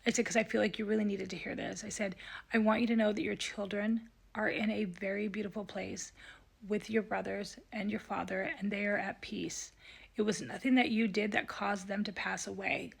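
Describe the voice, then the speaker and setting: A woman with a gravelly, husky voice tells a personal story straight to camera. She speaks earnestly and tearfully, often slipping into soft whispers at tender moments. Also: mid-range voice, level tone, moderate pace. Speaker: psychic medium. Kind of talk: emotional storytelling vlog.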